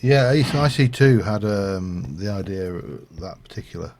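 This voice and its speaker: Low, gravelly man musing over gameplay. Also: lively intonation, measured pace, a little mellow. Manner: rambling, thinks aloud with many fillers. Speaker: streamer. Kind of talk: casual gameplay commentary.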